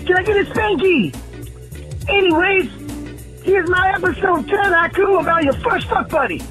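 A man's voice: very high-pitched, normal speed, fairly bright tone, faint music behind. A man putting on a squealing, sing-song voice as a goofy male prank caller on a voicemail. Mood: cheeky.

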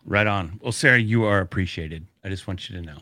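A man's voice: low voice, brisk, sharp tone, slight background noise. A man co-hosting a podcast in casual chat, upbeat and joking. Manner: upbeat, joking, easily laughing. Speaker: podcast co-host.

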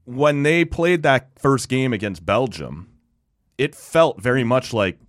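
A man hosting a relaxed interview, telling stories easily and laughing often, with tag questions like "right?". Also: medium pitch, a little slow, dry recording, studio quality. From Canada. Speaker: podcast host. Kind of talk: casual conversational interview.

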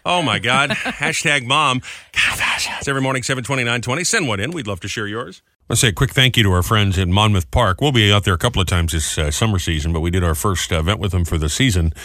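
Man, radio morning host, joking, teasing, very bright tone, dry studio sound. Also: on the low side, fast talker, no echo. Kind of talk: casual morning radio banter.

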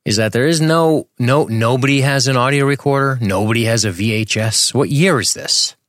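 A man's voice: medium pitch, moderate pace, fairly bright tone, no room sound, studio quality. A young adult man co-hosting a podcast, joking crudely and rambling in casual banter. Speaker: podcast co-host.

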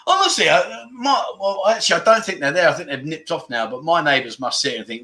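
A man hosts a casual livestream, reading viewer comments aloud and laughing often as he goes. His voice sits a bit high and sounds bright and sharp. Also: very animated, normal speed. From England. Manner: giggly, laughs often between lines. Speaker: livestream host.

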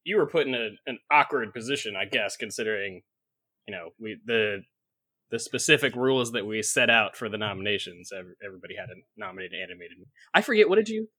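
Male co-host, playful teaser, bright husky voice, dry sound. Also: lowish voice, lively intonation, quick pace, no room sound. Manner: teasing, playful. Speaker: podcast co-host. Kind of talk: casual chat.

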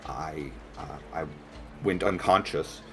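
A man's voice: extremely low pitch, gravelly, faint music behind, voice pushed down, full character voice. A man doing a scarred, blind, stammering assistant. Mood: haunted. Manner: gentle, halting, stammering. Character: scarred blind male sanctuary assistant, polite.

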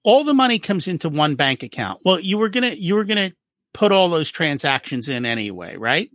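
A man's voice: fairly high pitch, a little fast, no room sound, clean studio sound. A man speaking as a guest in a casual interview, explaining money habits and acting out short exchanges in different voices. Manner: animated, acts out little dialogues. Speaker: business profitability guest.

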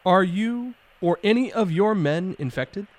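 An actor playing a formal, grave admiral. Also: male voice, sits high, lively intonation, a little slow. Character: formal, stern admiral, male, middle-aged.

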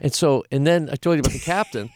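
A man, an actor, telling stories in a lively, animated way during a casual interview. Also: quick pace, no room sound. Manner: lively, animated storyteller with laughs and big pitch jumps. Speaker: guest, actor and former flight attendant. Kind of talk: casual storytelling.

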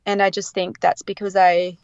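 A woman's voice: fairly low pitch, flat delivery, normal speed, a little mellow, clear, resonant tone, no room sound. Candid chatty woman, dull dry audio. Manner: candid, chatty, laughs often. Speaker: guest sharing her birth story. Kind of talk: casual interview.

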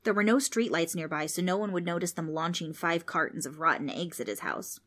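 A woman reading a children's storybook aloud as narrator, steady and expressive. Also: fairly low pitch, brisk.

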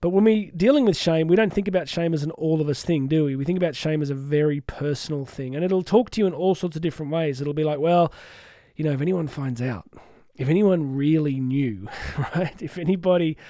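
A man's voice: fairly high pitch, fast, few pauses, mellow, dry recording, clean studio sound. A middle-aged man hosting a solo podcast, talking earnestly and reflectively with frequent restarts and asides. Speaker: podcast host and coach.

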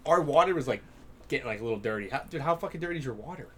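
Male podcast co-host, crude rambler, average pitch, casual chat. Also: lively intonation, very fast, a bit bright. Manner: crude, rambling, laughs often.

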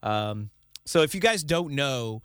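A man hosting a political talk show, opinionated and animated, often laughing and mimicking the people he criticizes. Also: medium pitch, takes it slowly, smooth, no room sound, studio quality.

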